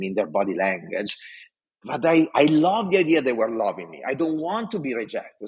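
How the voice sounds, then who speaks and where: A man in his forties from Italy speaks with an Italian accent in a medium-pitched, slightly rough voice over a low-quality recording. As a podcast guest in an interview, he tells stories passionately and animatedly.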